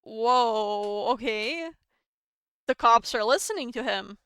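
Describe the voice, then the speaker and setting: A woman's voice: a little high, expressive, takes it slowly, sharp tone, a little hiss or hum. A woman whose first language is Estonian or Russian, streaming a visual novel, reading dialogue aloud and stumbling, self-deprecating, over words.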